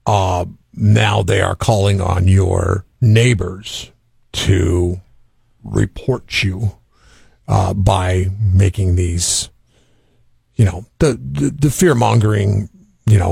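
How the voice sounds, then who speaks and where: Gravelly-voiced man rambling on air. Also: low-pitched, fairly even intonation, takes it slowly, darkish tone, no room sound, studio quality. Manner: rambling storyteller, acts out quotes. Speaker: radio co-host. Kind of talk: casual morning radio chat.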